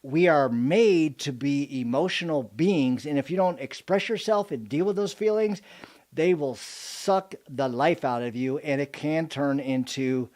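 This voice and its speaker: A man quoting an earnest female life coach, who gives calm, explanatory advice in his own voice. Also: a little high, a little slow, close to an everyday voice. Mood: advising.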